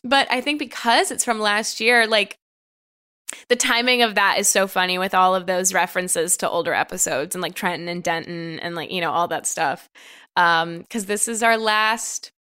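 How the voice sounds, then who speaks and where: A woman co-hosting a podcast in casual chat, rambling and quick to laugh. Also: medium pitch, sharp tone, smooth. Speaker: podcast co-host.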